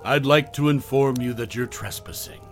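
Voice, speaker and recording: A man's voice: medium pitch, normal speed, soft background music, close to an everyday voice. A man voicing a formal, haughty reclusive woman who tends a grand garden, in a horror story. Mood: alarmed.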